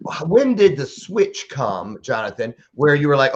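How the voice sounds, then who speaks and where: A man's voice: fairly high pitch, animated, normal speed, a bit bright, highs cut off. A man hosting a casual podcast interview, playful and joking. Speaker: podcast host.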